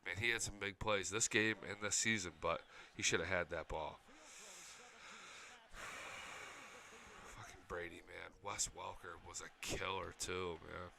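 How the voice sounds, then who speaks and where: A man chats casually over football highlights. He sounds like a worked-up fan who cheers and curses at the plays. His voice sits a bit low but rings very bright, with a forceful edge. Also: unhurried, gravelly, pauses often, slight background noise. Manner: excited fan, swears, talks back to the footage. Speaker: sports channel host. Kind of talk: casual sports chat over game highlights.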